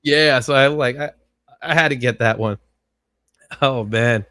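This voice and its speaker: A man hosting a casual livestream chat, animated and quick to laugh as he greets viewers. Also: medium pitch, dry recording, studio quality. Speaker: host.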